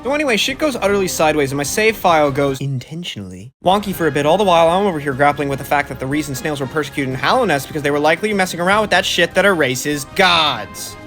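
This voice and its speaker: A man tears through a comedic game recap at a breakneck clip, his voice sitting a little high. He is sarcastic and profane, flipping from deadpan asides into loud excited outbursts. Faint music plays quietly behind the voice-over. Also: quick pace, hardly any pauses. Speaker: gaming video commentator.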